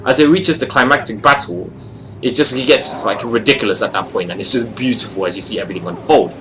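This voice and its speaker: A young man giving a casual, rambling video review of a friend's short film, expressive and full of fillers. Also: medium pitch, a little fast, background noise.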